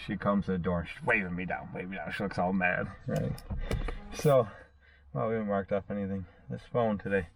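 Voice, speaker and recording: A man's voice: lowish voice, no room sound. A man who works in lawn care telling a story in a casual, folksy way, acting out both sides of a conversation. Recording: distant mic, faint background noise.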